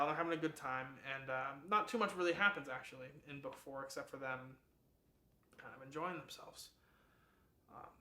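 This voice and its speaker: A man's voice: fairly high pitch, bright, forceful tone. A man giving a chatty, rambling, casual book summary as host of a book club video, laughing at the plot. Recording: echoey room.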